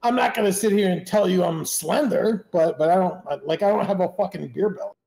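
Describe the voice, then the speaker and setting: A man with a notably high voice trades eager, argumentative points in a loose chat with friends. He talks fast and keeps pushing his case. The sound is casual and chatty. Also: darkish tone, reverberant.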